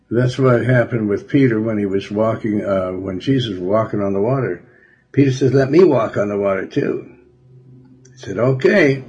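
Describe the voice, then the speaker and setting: Male radio preacher, low husky voice, halting Bible teaching with lots of fillers. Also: a little mellow. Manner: halting, full of fillers, slows to stress words.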